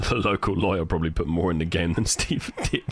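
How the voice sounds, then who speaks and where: A British man streaming live, chatting casually and telling stories in a profane, animated way. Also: low voice, a little hiss or hum. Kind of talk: casual livestream chat.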